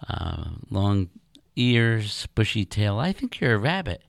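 A man's voice: fairly low pitch, very animated, slow, vocal fry, no echo, clean studio sound, voice pushed up, exaggerated voice. An older man voicing a gleeful, curious blind male snake while telling a joke on the radio. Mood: eager.

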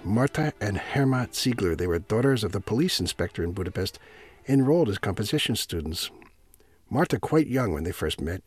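A man hosting a classical music radio program, telling a composer's story in a measured, storytelling way. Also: on the low side, husky, no room sound. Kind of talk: scripted radio narration.

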